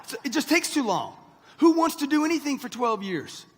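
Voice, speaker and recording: A man's voice: very high voice, big pitch swings, moderate pace, slight background noise. A man in his sixties giving a live motivational speech to a crowd, brash and punchy, speaking straight at the audience. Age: 60s. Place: large hall with live audience. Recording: long hall reverb.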